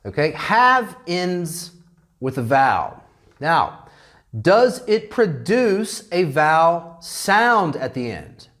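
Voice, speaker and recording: An American man teaching English grammar in a classroom lecture, animated and checking in constantly with "okay?". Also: on the high side, takes it slowly. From United States.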